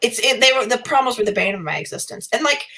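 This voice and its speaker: Rambling woman guest with quick laughs. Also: a little high, bright, forceful tone, poor audio. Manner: rambling, laughs often, talks in circles. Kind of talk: casual podcast chat.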